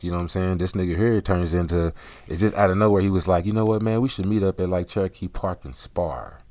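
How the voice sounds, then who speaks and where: Male vlog host, deep voice, rambling slangy monologue. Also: darkish tone, dry recording. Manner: rambling, profane, streetwise slang. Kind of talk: casual spiritual monologue.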